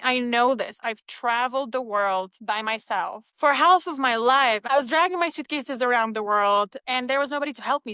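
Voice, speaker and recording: A woman's voice: fairly high pitch, bright, forceful tone, no echo, clean studio sound. A woman hosting her own solo podcast, talking in an emphatic, motivational way with frequent "like". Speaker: podcast host and coach.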